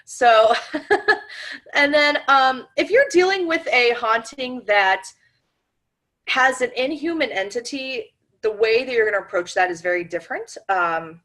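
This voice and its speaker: A woman's voice: fairly high pitch, a little slow, a bit bright. A woman teaching an online webinar class in a chatty, informal way, with frequent laughs and fillers. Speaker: paranormal class instructor. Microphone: computer mic on a webinar call.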